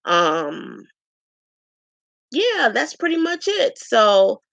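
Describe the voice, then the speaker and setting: A woman from Chicago giving a frank, chatty self-introduction to her viewers, pausing often with ums. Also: medium pitch, expressive, creaky, a bit bright, no echo. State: tearful at times. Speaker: vlogger introducing herself. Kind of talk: casual self-introduction to camera.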